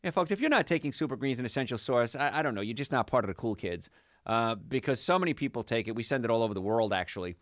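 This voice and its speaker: A man's voice: medium pitch, animated, quick pace, fairly bright tone, dry recording, studio quality. A man hosting a call-in health radio show, chatty, upbeat and jokey, rambling from one point to the next. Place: radio studio.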